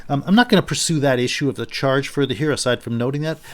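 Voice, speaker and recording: A male philosophy lecturer giving an unscripted university lecture, thinking aloud and paraphrasing a text in a lively quoting voice. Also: medium pitch, fast talker. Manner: thinking aloud, with frequent restarts and fillers.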